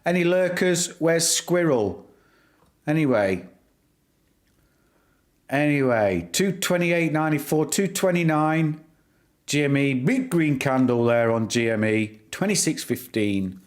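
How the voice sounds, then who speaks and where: Slow, bantering middle-aged male streamer. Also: a little high, lively intonation. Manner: bantering, teasing viewers by name. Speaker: livestream host. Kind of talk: casual live-stream chat.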